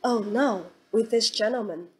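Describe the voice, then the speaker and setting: A woman voicing a gentle, fussy middle-aged mother in an audiobook, speaking mildly and hesitantly. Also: fairly high pitch, a little slow, slightly rough.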